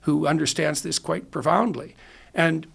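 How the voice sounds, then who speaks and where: A man's voice: fairly high pitch, fairly even intonation, unhurried, creaky, slightly rough. A man speaking as a guest psychologist, explaining his ideas step by step with firm emphasis. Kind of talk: lecturing interview talk.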